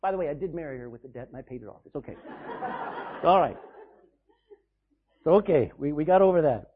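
Man preaching to his church, fairly high voice, sounds thin like over a phone, gets loud then drops soft. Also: lively intonation, breathy edge, narrow, tinny audio. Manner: preaching with emphatic swings in volume, reading scripture slowly. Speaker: pastor. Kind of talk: sermon. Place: church sanctuary.

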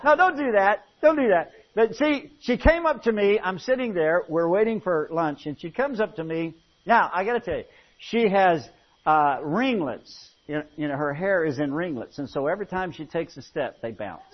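Man, high voice, folksy joking sermon, dull lo-fi recording. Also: expressive, normal speed. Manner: folksy humorous storytelling with frequent restarts. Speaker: preacher.

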